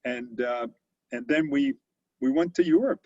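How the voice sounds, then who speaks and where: A man in his sixties with a gravelly, mid-pitched voice tells stories from his career in a relaxed, conversational way. He speaks with frequent fillers and restarts. The recording is close and dry but sounds dull and lo-fi. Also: unhurried, dry recording. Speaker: company CEO, interview guest. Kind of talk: storytelling in an interview. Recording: dull lo-fi audio.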